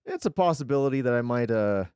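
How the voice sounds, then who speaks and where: A man's voice: medium pitch, animated, fast, a little mellow, clean tone, dry recording. A male streamer chatting casually while opening card packs, swearing freely and tripping over card names.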